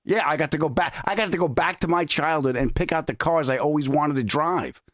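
A man's voice: on the high side, fairly quick, fairly bright tone, no room sound, clean studio sound. A man hosting a podcast in casual chat, telling jokey stories. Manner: storytelling, jokey. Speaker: podcast host.

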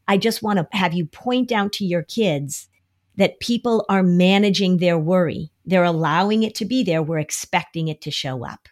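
A woman's voice: fairly low pitch, moderate pace. A woman explaining an approach to anxiety on a podcast in a conversational way, often acting out worried voices as quotes. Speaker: anxiety expert.

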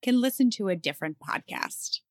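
A woman's voice: medium pitch, lively intonation, fairly quick, dry recording, studio quality. A young woman co-hosting a casual podcast chat as a therapist, encouraging and laughing often.

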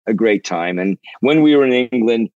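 An older man from Canada, a rock drummer, telling rambling, animated, profane stories in an interview. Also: medium pitch, moderate pace, no echo, highs cut off. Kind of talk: storytelling interview.

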